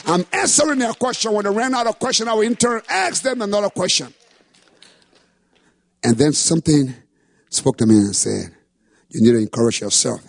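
A man preaching a sermon testimony with impassioned delivery that rises to shouts. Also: on the high side, very animated, fairly quick, pauses often, no room sound, clean studio sound. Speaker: pastor.

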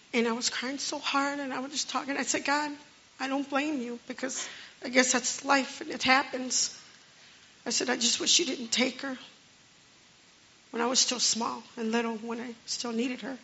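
A woman telling an earnest personal testimony in a halting, repeating way. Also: fairly high pitch, vocal fry, pushed and bright. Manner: earnest and halting, with many restarts. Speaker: storyteller sharing a personal testimony. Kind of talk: personal testimony, spoken story. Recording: dull lo-fi recording.

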